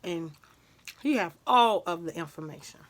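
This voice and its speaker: A woman's voice: lowish voice, lively intonation, moderate pace, fairly bright tone, slight background noise. An older woman hosting a casual eating vlog, chatting with viewers between bites and slipping into whispers and coughs. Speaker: mukbang vlogger.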